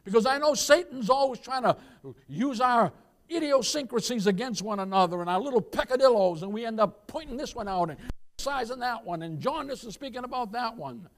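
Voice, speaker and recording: In a church sermon, a man preaches with a very high voice, lively intonation and a fairly quick pace. Emphatic, he calls out to the congregation and swings between loud emphasis and quiet asides.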